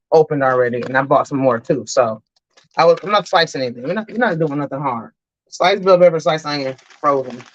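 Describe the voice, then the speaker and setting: A woman's voice: sits low, lo-fi sound, a little hiss or hum. A woman chatting with her viewers while she cooks on a live stream, calling them y'all. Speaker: cooking vlogger. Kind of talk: live-stream cooking chat. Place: home kitchen.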